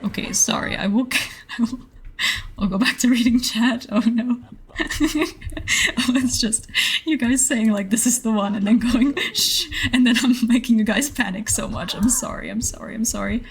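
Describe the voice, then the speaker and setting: A woman's voice: fairly high pitch, normal speed, breathy edge. A young adult woman streaming a game live, often laughing, flustered and apologizing to her chat.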